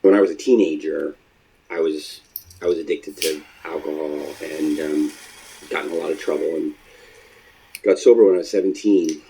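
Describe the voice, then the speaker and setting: A man giving reflective interview answers in a halting way, with frequent pauses and fillers. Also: a bass voice, fairly even intonation, vocal fry, dark tone, a little hiss or hum, rough recording. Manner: halting, hesitant, with many fillers.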